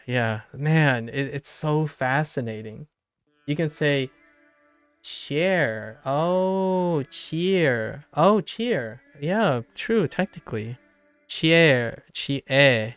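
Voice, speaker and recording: A man's voice: medium pitch, a bit bright, clear, resonant tone, dry recording. A man streaming a casual lesson on Japanese sounds, rambling, correcting himself and laughing often. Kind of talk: casual live-stream explanation.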